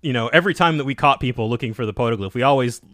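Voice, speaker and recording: A man's voice: mid-range voice, very fast, no room sound, studio quality. A man co-hosting a podcast, chatting casually about a manga, laughing easily and using plenty of fillers. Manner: animated, laughs a lot, lots of fillers. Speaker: podcast co-host. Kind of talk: casual chat recapping a manga.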